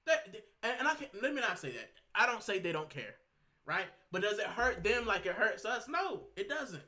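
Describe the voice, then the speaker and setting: A man's voice: sits high, sing-song, moderate pace, bright, forceful tone. A man hosting a fan channel, fuming and ranting heatedly while sick and straining his voice. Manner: fuming, ranting, repeats himself. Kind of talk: heated fan rant to camera.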